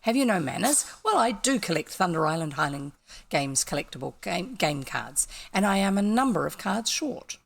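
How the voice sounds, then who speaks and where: A woman's voice: on the low side, sing-song, moderate pace, gravelly, exaggerated voice. A woman reading a grumpy male game villager's lines aloud without putting on an accent. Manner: read aloud from on-screen dialogue, no accent attempted.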